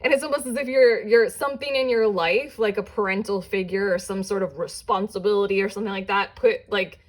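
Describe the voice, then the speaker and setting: A woman's voice: mid-range voice, fairly even intonation. A woman giving a casual pick-a-card tarot reading, talking in a loose, rambling way full of "like" fillers and restarts. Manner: chatty and rambling, with many "like" fillers and self-interruptions; breaks into quick giggles and playful put-on voices. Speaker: tarot reader.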